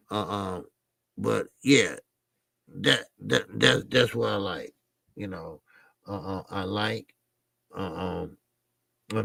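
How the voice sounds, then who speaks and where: Gravelly, laid-back man riffing on boxing. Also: low-pitched, no echo. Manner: animated, talks back to chat, frequent fillers and restarts. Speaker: boxing channel host. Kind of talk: casual live-stream commentary.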